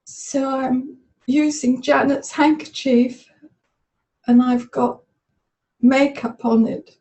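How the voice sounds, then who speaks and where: A woman with a somewhat high, mellow voice, speaking tearfully and very slowly over a webinar call. She is a volunteer in a therapy demonstration, reliving a memory in the present tense. Her phrasing is halting and stop-start, with frequent pauses. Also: steady tone, poor audio. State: tearful, emotional. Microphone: webinar call audio.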